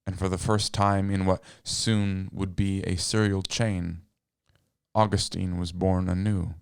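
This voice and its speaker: A man giving scripted narration in a wry, deadpan, digressive manner. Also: sits low, unhurried, vocal fry, clean tone, no echo, clean studio sound.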